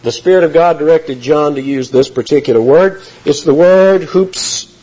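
A man preaching an expository sermon, emphatic and lively, reading scripture aloud and explaining the words. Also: fairly high pitch, moderate pace, lo-fi sound.

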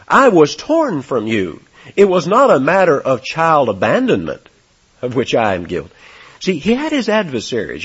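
A man preaching an expository sermon, stressing words hard and dropping to a near hush for effect. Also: on the high side, breathy edge, muffled recording. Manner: emphatic, swings between loud and soft for stress. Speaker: pastor.

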